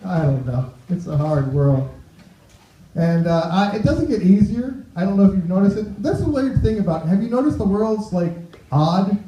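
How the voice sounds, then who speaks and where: High-voiced man doing stand-up. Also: expressive, normal speed, dark tone. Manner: chatty, tossing asides to the crowd. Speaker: stand-up comedian. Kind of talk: stand-up set. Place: club stage. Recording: roomy, dull club recording.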